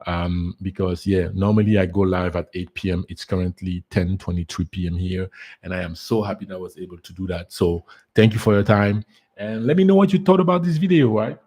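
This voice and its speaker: A man's voice: low voice, steady tone, fairly quick, dark tone. A man talking as a spiritual life coach on a casual solo livestream, earnest, repeating words for emphasis, with fillers. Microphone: solo live stream setup.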